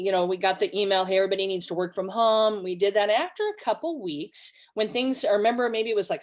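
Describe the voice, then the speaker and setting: A woman from California giving a conversational online webinar, telling stories and acting out quoted voices. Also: medium pitch. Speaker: webinar presenter.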